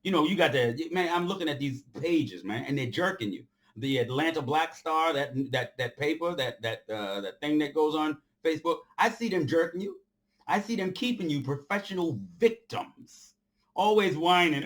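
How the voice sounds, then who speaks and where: A man giving an off-the-cuff, impassioned monologue to his followers. He talks in a preachy way, repeats phrases for emphasis, and swings between loud outbursts and quiet stretches. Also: on the high side, expressive, normal speed. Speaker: commentator addressing his followers.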